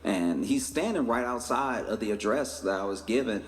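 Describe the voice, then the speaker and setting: A man's voice: fairly low pitch, animated, moderate pace. Man telling a stand-up story. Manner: conversational, acts out other people's voices. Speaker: stand-up comedian. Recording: reverberant stage audio with faint noise.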